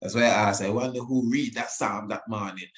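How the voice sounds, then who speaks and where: A man teaching the Bible on the radio, emotional, repeating phrases and reading scripture slowly with emphasis. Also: lowish voice, steady tone.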